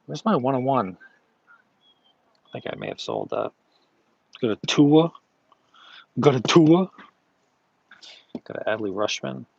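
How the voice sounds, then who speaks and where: A man with a mid-pitched voice talks casually to a stream from his flea market stall. He rambles along, filling gaps with fillers and correcting himself often. The sound is dry and a bit muffled. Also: wildly swooping pitch, unhurried, vocal fry, long pauses, breathy edge, no echo. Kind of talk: casual live-stream chat.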